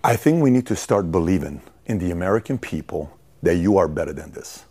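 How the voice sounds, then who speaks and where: A middle-aged man hosting a motivational commentary video, telling stories with animated emphasis. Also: low voice, fairly quick, slightly rough. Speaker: host.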